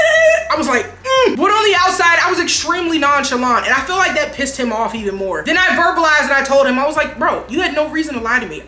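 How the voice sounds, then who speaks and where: A young woman recounts a personal story for her vlog audience with frank, animated energy and frequent laughter. Her voice is bright and sits a little high, and the recording has an echoey room sound. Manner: animated, frank, laughs often while telling. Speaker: YouTuber.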